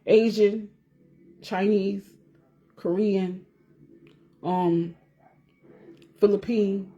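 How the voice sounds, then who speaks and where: The audio is dull as a woman vlogger chats to camera in a steady, dark, medium-pitched voice, drawing out her words. She rambles on, repeats herself, swears openly and laughs while talking to her viewers.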